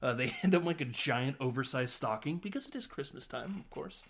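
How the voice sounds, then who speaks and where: A man's voice: medium pitch, fairly quick. A man casually recapping a movie on a podcast, laughing often and acting out lines from the film. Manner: animated, laughing, doing voices of film characters. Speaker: podcast host.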